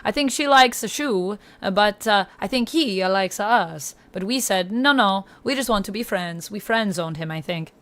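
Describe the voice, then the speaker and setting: A woman's voice: medium pitch, lively intonation, normal speed, few pauses. A woman hosting a gaming livestream, reading viewer comments aloud and chatting in a hammy mock Italian accent. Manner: chatty, thanks viewers warmly by name. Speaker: livestream host.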